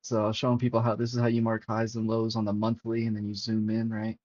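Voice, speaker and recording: A man hosting a crypto livestream, talking casually and excitably over charts and swearing freely to his chat. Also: on the low side, fast, slight background noise. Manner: profane, excitable, talks to chat. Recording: dull lo-fi stream audio.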